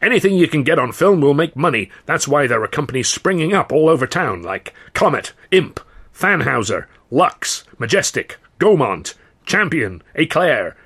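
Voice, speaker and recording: A man voicing a brash, fast-talking film studio boss who boasts loudly in a salesman's patter, in an audiobook. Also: mid-range voice, big pitch swings, husky, exaggerated voice. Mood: boastful. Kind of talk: audiobook character voice.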